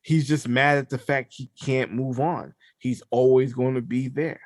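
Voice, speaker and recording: A podcast co-host with a medium-pitched voice tells a story at a measured pace in casual conversation, recorded in a clean studio with no echo. He is an animated storyteller who acts out the voices along the way.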